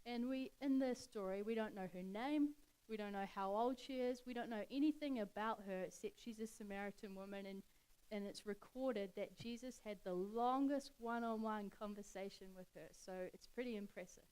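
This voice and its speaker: A young adult woman speaking at a church, retelling a Bible story in a chatty, relaxed way with casual slang. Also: medium pitch, moderate pace, clear, resonant tone, poor audio.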